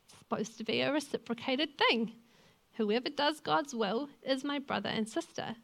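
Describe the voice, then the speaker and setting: A woman's voice: sits high, moderate pace, vocal fry. A young woman gives a sermon as a lay preacher, speaking in an earnest, conversational way and weaving in personal stories. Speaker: lay preacher and youth leader.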